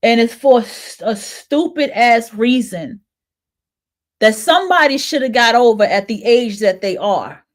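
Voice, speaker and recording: A woman's voice: on the high side, expressive, measured pace. A woman in her thirties hosting a podcast, venting in a blunt, profane, emphatic monologue. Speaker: podcast host. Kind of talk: casual monologue.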